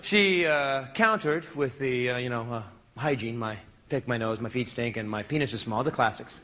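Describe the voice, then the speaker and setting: A man's voice: mid-range voice, normal speed. A male stand-up comedian telling a story on a club stage, acting out scenes in a noisy live club recording. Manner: animated, acts out scenes with shifting voices.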